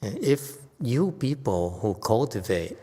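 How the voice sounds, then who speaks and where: A man's voice: medium pitch, very animated, slow pace, dark tone, husky. A man, a Buddhist master, giving a Dharma talk in an emphatic, sometimes playfully teasing way. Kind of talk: sermon. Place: temple hall. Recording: long hall reverb.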